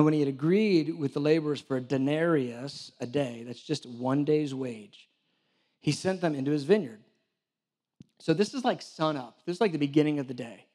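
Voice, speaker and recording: A man's voice: a little high, fairly quick. A man preaching a sermon, telling stories with acted-out dialogue and joking with the congregation. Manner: animated storytelling, acts out dialogue, jokes with the congregation. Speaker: church director preaching.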